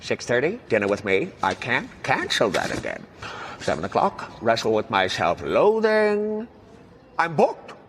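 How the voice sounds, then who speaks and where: A man's voice: mid-range voice, wildly swooping pitch, measured pace, a little hiss or hum. An actor playing the grumpy, self-pitying green hermit, reading his schedule in a dry, sardonic film voice. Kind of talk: film dialogue.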